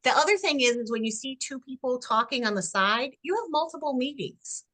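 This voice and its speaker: A woman guest expert speaking in a conversational podcast interview, animated and fond of acting out example phrases. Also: high-pitched, brisk. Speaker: guest expert on workplace culture.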